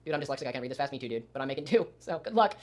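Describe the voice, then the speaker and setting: A man's voice: medium pitch, animated, very fast. A man co-hosting a commentary stream, reading aloud in a rush and adding wry remarks. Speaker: stream co-host.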